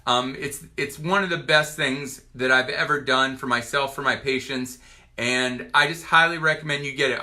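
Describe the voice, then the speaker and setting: A man in his forties from Virginia, a doctor giving a personal testimonial to camera in an earnest, halting way with many restarts. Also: on the high side, sharp tone. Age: 40s.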